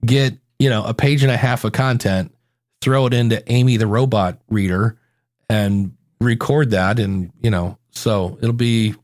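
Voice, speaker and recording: A man's voice: lowish voice, fairly even intonation, a little slow, a little mellow, no room sound, clean studio sound. A middle-aged man hosting a podcast, chatting casually and acting out quotes with playful voices. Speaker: podcast host.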